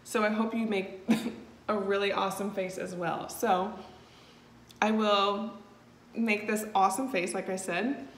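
A woman's voice: mid-range voice, steady tone, unhurried, long pauses. A woman talking through a step-by-step tutorial in a chatty, easygoing way, with frequent fillers. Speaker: makeup tutorial host. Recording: echoey room with faint noise.

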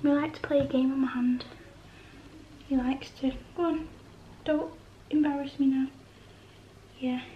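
High-pitched, excitable woman; casual home vlog, indoors. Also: measured pace, long pauses, lo-fi sound, a little hiss or hum. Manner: chatty and excitable, coos softly to her pet.

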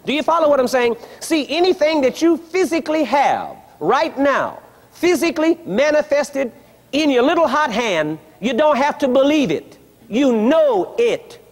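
Male preacher, very high-pitched, emphatic teaching style, repeated questions to the congregation, long reverb of a large sanctuary. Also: animated, a little slow. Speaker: pastor. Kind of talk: sermon. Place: large church building with a congregation.

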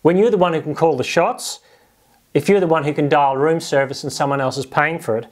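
Man, sermon, conversational preaching, higher-pitched voice, playful quoted voices. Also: brisk. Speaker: pastor.

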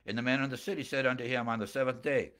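A man preaching an expository Bible sermon. He reads scripture aloud, then retells it in plain everyday speech, with animated emphasis, chuckling asides and personal stories. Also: rapid-fire. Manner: animated, often rising in pitch and volume for emphasis.

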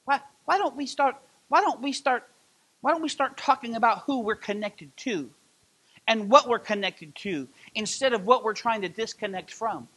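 A middle-aged man preaching a sermon as pastor of a church, impassioned and building to loud emphatic peaks. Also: extremely high pitch, expressive, normal speed, breathy edge. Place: church sanctuary.

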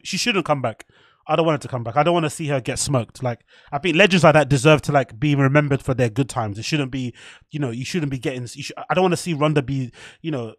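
A man with a mid-range voice hosts a live stream, rambling and swearing as he reacts to a fight and reads chat aloud. It's casual commentary, recorded with clean studio sound and no echo.

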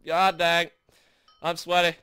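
A young man hosting a gaming video, commentating his own play in frustration, shouting and groaning between sarcastic mutters. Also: on the high side, level tone, slow, smooth, no echo, clean studio sound. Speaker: gaming channel host. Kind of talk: raging let's play commentary.

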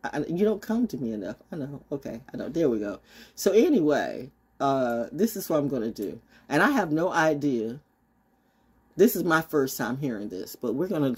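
A woman broadcaster ranting off the cuff in a brash, profane way, sliding from low mutters to loud squeals. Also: big pitch swings, moderate pace, breathy edge. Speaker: voice actor and broadcaster. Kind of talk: off-the-cuff rant and freestyle.

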